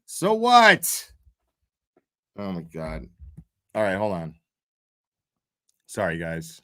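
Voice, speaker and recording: A man's voice: deep voice, wildly swooping pitch, very slow, fairly bright tone. A man telling a story in casual chat, swearing constantly, laughing often and restarting his sentences. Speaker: commentary streamer.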